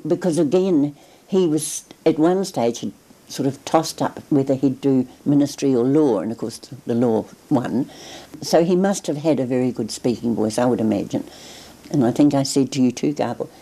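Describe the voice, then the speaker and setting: An older woman, reflectively recalling family memories in an oral history interview, pausing and restarting as she goes. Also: very deep voice, dark tone, low-quality recording. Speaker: interviewee recalling her grandfather.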